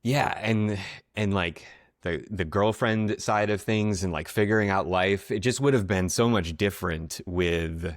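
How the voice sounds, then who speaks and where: A man co-hosting a casual film podcast, talking in a halting way with many fillers and restarts. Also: fairly low pitch, no room sound, clean studio sound. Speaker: podcast co-host.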